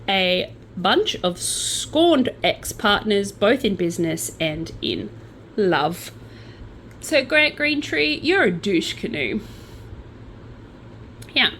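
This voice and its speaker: A young Australian woman tells a true crime story as a casual, chatty host. Her pitch swings up and down with plenty of life, and she drops in sardonic, playful asides. Faint background noise sits under her voice. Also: a bit bright, low-quality recording.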